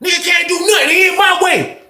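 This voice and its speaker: A man voicing a loud, hot-headed male fellow inmate who rants in a high, shouting voice. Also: brisk, reverberant, exaggerated voice. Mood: indignant. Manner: high-pitched shouting rant.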